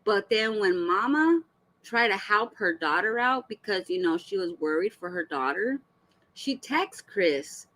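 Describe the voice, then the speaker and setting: A woman's voice: medium pitch, lively intonation, measured pace, a bit bright, rough recording. A woman hosting a reaction channel, giving blunt, profane, heated commentary full of rhetorical questions.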